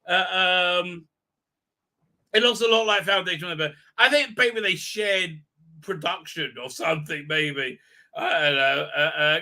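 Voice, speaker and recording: A man hosts a casual live-stream recap, his voice very bright and forceful and sitting a little high. He rambles through the story with plenty of fillers, cursing and dry sarcasm. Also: a little slow. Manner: acts out characters' lines in shouted voices. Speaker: live-stream show host.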